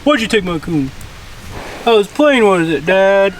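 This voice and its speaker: Guy doing his huge guard dog's voice, whiny and sulky, kinda high. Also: very animated, normal speed, recorded from a distance, slight background noise, low-quality recording. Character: sulky big male guard dog.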